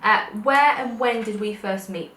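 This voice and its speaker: A woman's voice: on the high side, a little slow, fairly bright tone, slight background noise. A young British woman vlogger, chatting and telling stories while eating, rambling with laughs. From United Kingdom. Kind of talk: casual mukbang chat. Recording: roomy sound from a distant mic.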